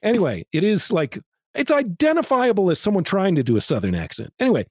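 A man co-hosting a casual podcast, telling the story of a movie with dry, wandering asides. His voice sits a little high and moves lively up and down. The sound is close and dry, with no room around it. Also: quick pace, husky, dry recording. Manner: wry, meandering storytelling with dry jokes. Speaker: podcast co-host.

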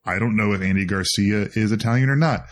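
A man's voice: lowish voice, quick pace. A man co-hosting a podcast in casual chat, joking and laughing often. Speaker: podcast co-host.

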